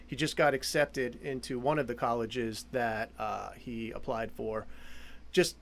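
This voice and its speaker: A man's voice: medium pitch, steady tone, gravelly. A man in his forties hosting an interview in an enthusiastic, easygoing way, talking over a video call. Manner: enthusiastic, easygoing, quick to react. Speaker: podcast host, interviewer. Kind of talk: casual interview chat.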